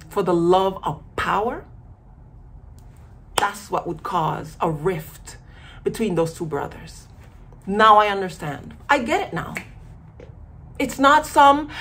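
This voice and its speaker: A woman's voice: mid-range voice, slightly rough. A woman giving a casual commentary monologue as a vlogger, emphatic and acting out quoted voices.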